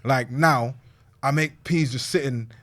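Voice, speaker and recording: A man's voice: mid-range voice, a little slow, fairly bright tone. A young man, chatting bluntly as a podcast guest, swearing freely and saying bruv a lot. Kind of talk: casual chat.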